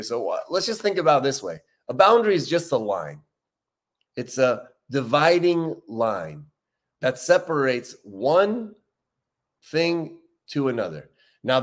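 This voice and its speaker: A man hosting a recovery livestream in a relaxed, conversational way. He often repeats his key points for emphasis and slows down on important lines. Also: medium pitch. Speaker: recovery talk host. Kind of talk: casual livestream talk.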